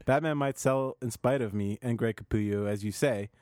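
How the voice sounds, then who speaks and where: A man's voice: mid-range voice, normal speed, a little mellow, no echo. Man laughing through tweets, dry sound. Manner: reads tweets aloud with frequent laughs and restarts. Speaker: podcast co-host reading news. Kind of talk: casual chat.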